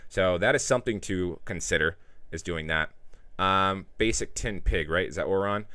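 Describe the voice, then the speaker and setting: Man, stream host, low voice, loose chatty delivery, dry close mic. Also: moderate pace, pushed and bright, clean tone, no room sound. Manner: loose and chatty, reads out viewer chat. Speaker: livestream host. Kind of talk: casual livestream chat.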